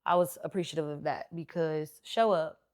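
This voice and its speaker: A woman podcast host, telling a personal story in an animated, talkative way and acting out what people said. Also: deep voice, normal speed. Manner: animated, talkative storyteller who acts out quotes.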